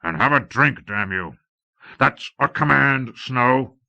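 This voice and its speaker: A man voicing a gruff old lord commander who growls out commands, on a dull old tape. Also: medium pitch, expressive, takes it slowly, pushed and bright, pitched above the performer's own voice, heavily acted. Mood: grave.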